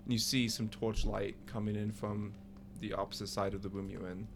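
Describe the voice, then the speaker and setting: A man's voice: lowish voice, level tone, fairly quick, creaky, slight background noise. A man narrating as game master in a casual, stumbling way. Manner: casual, stumbling over restarts.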